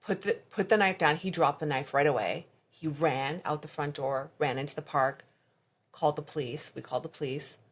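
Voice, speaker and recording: Woman guest, low voice, halting delivery that slips into reenacted dialogue, candid testimony. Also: husky. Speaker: podcast guest. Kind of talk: personal testimony in conversation.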